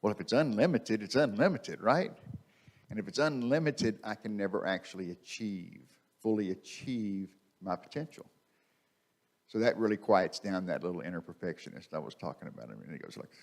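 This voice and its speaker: A man's voice: fairly low pitch, expressive, brisk. A man preaching a conversational sermon in a church, repeating key phrases for emphasis. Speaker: minister. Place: church sanctuary. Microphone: microphone.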